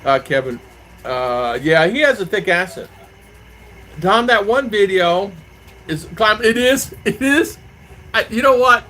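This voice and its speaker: A man's voice: high-pitched, lively intonation, unhurried, pauses often, bright, forceful tone, slight background noise, low-quality recording. A man from Arizona, hosting a casual live stream and answering viewer comments in a rambling, chatty way. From Arizona, USA.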